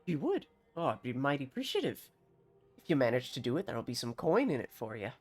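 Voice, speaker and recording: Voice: medium pitch, very animated, dry recording, close to an everyday voice. A streamer putting on a jumpy farmer in a bad accent. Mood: grateful. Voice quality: deliberately bad put-on accent. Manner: folksy, wary, grumbling. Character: jumpy, suspicious male farmer with a rusty sword. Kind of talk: reading game dialogue aloud on a live stream.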